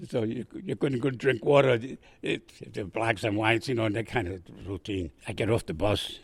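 A man's voice: fairly low pitch, moderate pace, slightly rough, no echo. An older man from Puerto Rico, a veteran guest telling rambling stories and laughing at them. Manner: rambling, animated, laughs at his own stories. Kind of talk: casual storytelling.

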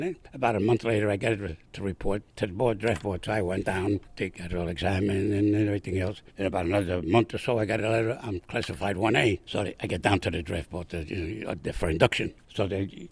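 An older man from Puerto Rico, a war veteran guest, telling stories in a chatty, animated way and chuckling as he goes. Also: lowish voice, fast talker, creaky, few pauses, breathy edge. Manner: animated, chuckling, acts out others' lines. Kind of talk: casual storytelling.

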